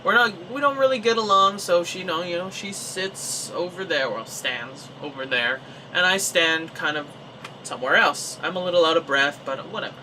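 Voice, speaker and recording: A young Canadian man telling a personal story in a casual, animated way, acting out his own reactions. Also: high voice, moderate pace, far from the mic, a little hiss or hum, rough recording. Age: young adult. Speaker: vlogger.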